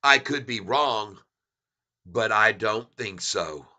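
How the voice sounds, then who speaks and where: Bright-voiced excited stock chart commentator. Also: male voice, fairly low pitch, slow. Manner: excited, folksy, repeats himself for emphasis.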